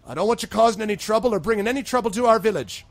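A woman's voice: mid-range voice, lively intonation, rapid-fire, dry recording, voice pushed up, lightly acted. A man voicing a stern, scolding middle-aged woman who is a village constable. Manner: curt, scolding.

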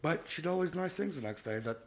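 Thirtysomething guy on a podcast, telling a rowdy story, voice jumps all over, kinda high. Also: fast talker. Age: 30s. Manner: animated, laughing storyteller, acts out quotes loudly. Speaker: podcast co-host. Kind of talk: casual chat, storytelling.

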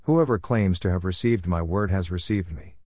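A man's voice: low voice, normal speed, mellow, no room sound, studio quality. A man voicing the stern Lord as judge. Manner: stern, solemn.

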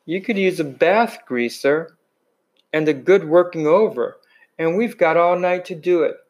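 A sneering, drunk teenage rich kid who bullies with a raised, taunting voice, as a man reading a novel aloud puts him on. The voice lifts above the reader's usual pitch while he jeers. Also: measured pace, natural voice.

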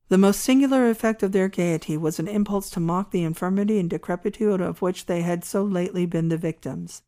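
A woman narrating a classic short story in a measured, expressive storytelling manner. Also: fairly low pitch. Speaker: audiobook narrator.

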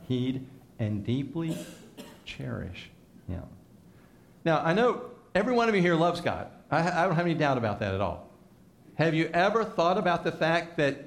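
A man's voice: a little high, gravelly, a little hiss or hum. A man preaching to a congregation, conversational and teasing, leading them in repeated call-and-response phrases. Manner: conversational, teasing asides to listeners. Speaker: pastor. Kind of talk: sermon.

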